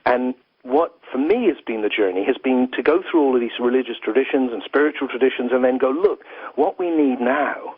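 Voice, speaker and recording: Reflective English guest philosopher, husky voice, phone-line sound. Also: male voice, medium pitch, a little fast, dry recording. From England. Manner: earnest, flowing, uses "you know" often. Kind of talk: reflective interview talk. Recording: tinny phone line, dry.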